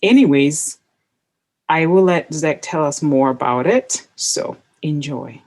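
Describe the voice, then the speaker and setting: A woman's voice: sits low, expressive, slow, a little mellow. Chatty woman podcast host telling stories. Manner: chatty, anecdotal, with frequent fillers. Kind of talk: casual storytelling monologue.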